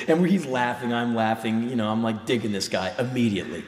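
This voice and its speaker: A man's voice: mid-range voice, fast, few pauses. A middle-aged man telling a true story in a blunt, intense, profane way as a live spoken word performance. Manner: intense, blunt and profane, bursts into loud shouts. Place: live stage in a large hall. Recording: roomy hall reverb from live stage.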